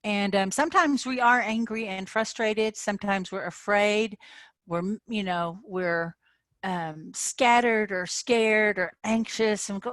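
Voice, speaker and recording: A woman's voice: mid-range voice, slow pace, dry recording. A woman coach giving an informal talk to her members in an online session, speaking conversationally and often checking in with "okay?". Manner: animated when acting out frustration. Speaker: manifestation coach.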